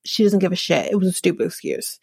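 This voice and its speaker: A woman's voice: on the low side, huge pitch swings, quick pace, vocal fry, darkish tone, slightly rough, dry recording. Woman podcast host, sarcastic and blunt, swears freely, dry close sound. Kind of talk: casual reality TV recap.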